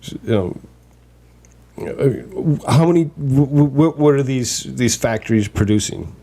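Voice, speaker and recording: A man's voice: medium pitch, big pitch swings, slow, mellow. A man hosting a casual podcast chat, rambling along with lots of fillers and restarts. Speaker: podcast host.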